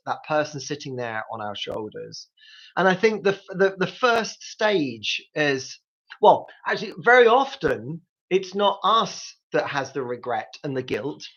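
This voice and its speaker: A man's voice: a little high, big pitch swings, measured pace, a bit bright, breathy edge, highs cut off. A man hosting a live grief support talk, coaching listeners directly with practical tips. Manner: coaching, speaks straight to listeners.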